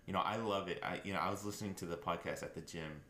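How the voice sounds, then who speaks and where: Low-voiced man chatting earnestly. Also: steady tone, quick pace, sharp tone. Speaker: podcast co-host. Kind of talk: casual chat. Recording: echoey room, faint noise.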